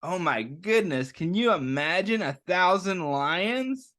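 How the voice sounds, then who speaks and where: A man reading a picture book aloud to young children at story time, stopping often to ask them gentle questions. He talks slowly, and his voice rises and falls a lot. It sits slightly above the usual pitch for a man. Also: expressive. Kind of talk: interactive picture-book read-aloud for kids.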